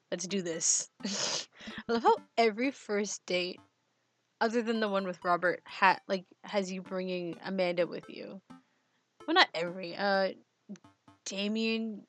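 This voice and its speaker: Brief: giggly young woman gamer, chatty commentary at a medium pitch, headset mic, faint music under. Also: fairly bright tone. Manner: giggly, chatty, reads game text aloud. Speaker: game streamer. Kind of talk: let's-play commentary. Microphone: headphones and mic.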